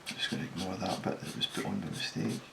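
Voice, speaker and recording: A man with a low, gravelly voice talks through his sketch in a relaxed way, thinking aloud and catching his own slips. He sometimes drops to a mutter while he works. A steady hiss of noise sits under the recording. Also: fast. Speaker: designer sketching on camera. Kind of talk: casual commentary while sketching.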